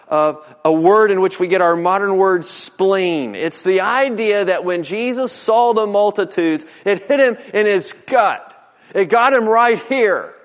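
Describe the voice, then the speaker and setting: Middle-aged guy preaching, pretty high voice, folksy, repeats himself a lot, big echoey church. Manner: folksy preaching with repeated words and alliterative lists. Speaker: pastor. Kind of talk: sermon. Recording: long hall reverb.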